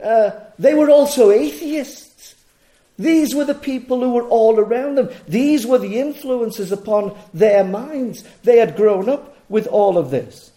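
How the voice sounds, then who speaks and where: High-voiced, mellow-toned male preacher. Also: a little slow. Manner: emphatic, rhetorical, repeats key phrases. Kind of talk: sermon.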